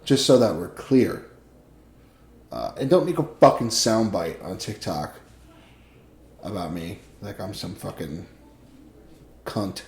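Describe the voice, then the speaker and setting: A young man co-hosts a casual podcast chat, ranting and joking in a loose, profane, rambling style. His voice is on the low side and darkish, animated yet slow, with frequent pauses.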